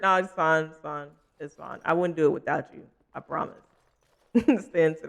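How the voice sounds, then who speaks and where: Male streamer, high lively voice, giggly, chatty, gravelly edge. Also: normal speed. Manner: giggly, chatty with viewers, laughs often. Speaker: livestreamer. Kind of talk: casual gaming stream chat.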